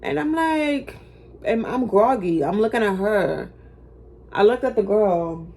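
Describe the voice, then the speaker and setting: A woman's voice: mid-range voice, a little slow, dark tone, husky. A young woman telling a personal story to camera in a casual, blunt, slangy way, cursing freely and poking fun at herself. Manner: blunt, profane, slangy, self-mocking. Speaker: storytime vlogger.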